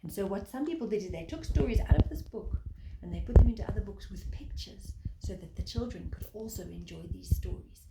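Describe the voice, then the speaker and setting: A woman, a preschool teacher, telling a picture-book story to young children in a gentle, sing-song way, pausing to point at the pictures. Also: medium pitch, lively intonation, vocal fry. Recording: echoey room, faint background noise.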